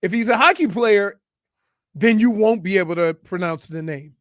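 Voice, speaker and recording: A man's voice: sits high, normal speed, a bit bright, dry recording, clean studio sound. A man co-hosting a morning sports radio show, teasing and laughing often.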